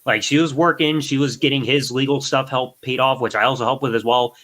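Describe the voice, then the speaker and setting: A man's voice: medium pitch, fairly even intonation, fairly quick, a bit bright. A man calling into a live show, venting in a heated, rambling way. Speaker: caller.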